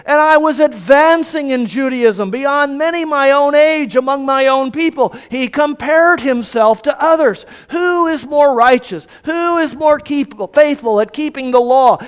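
A man with a very high voice preaches verse by verse, taking his time over each phrase. His tone is smooth and clear, and he leans hard on key words, asks rhetorical questions and sinks to hushed, low endings. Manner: emphatic, poses rhetorical questions, drops to soft low phrases. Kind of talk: expository sermon on a Bible letter.

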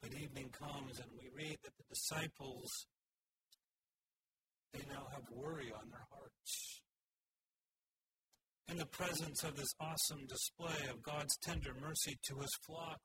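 A man's voice: a little high, fairly even intonation, measured pace. Earnest male preacher over hiss. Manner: earnest, expository. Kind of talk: sermon. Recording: hissy recording.

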